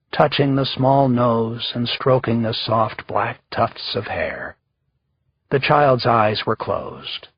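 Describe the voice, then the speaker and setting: A man narrating an audiobook in measured, even storytelling. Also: mid-range voice, husky, dry recording. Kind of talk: scripted narration. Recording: slightly dull lo-fi recording.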